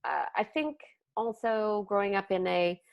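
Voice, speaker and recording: A woman in her thirties, a comic actor and podcast guest, telling candid stories in an animated way and swearing casually. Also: mid-range voice, measured pace, creaky. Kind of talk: casual interview chat.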